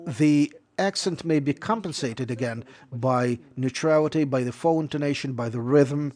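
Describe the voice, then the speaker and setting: Male lecturer in voice-over, mid-range pitch, measured and explanatory, given to restating points. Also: darkish tone. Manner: measured explanatory delivery with restatements and self-corrections. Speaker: lecturer on interpreting.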